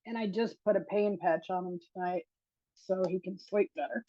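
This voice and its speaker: A woman's voice: medium pitch, moderate pace, mellow, no echo, highs cut off. A woman giving an earnest, emotional testimonial on a video call. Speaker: new member giving a testimonial.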